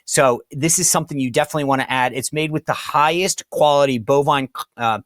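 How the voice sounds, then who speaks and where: A man's voice: fairly high pitch, a little fast, a bit bright, no room sound, studio quality. Chatty man reading host ads. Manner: chatty, loose, stumbles over words. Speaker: podcast host. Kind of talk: casual host talk with ad reads.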